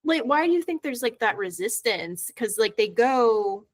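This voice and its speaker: A woman hosting a podcast, asking brief questions and chiming in with quick comments. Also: fairly high pitch, lively intonation. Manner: quick, friendly back-channel replies and questions. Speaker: podcast host. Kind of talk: conversational interview.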